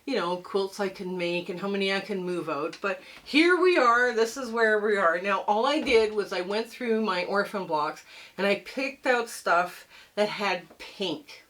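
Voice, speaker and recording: In a rough recording, a middle-aged woman with a medium-pitched, fairly bright voice and lively intonation speaks at a measured pace. Hosting a quilting channel, she chats casually and rambles a bit while showing a quilt top in her sewing room, ending with a friendly sign-off in this show-and-tell vlog.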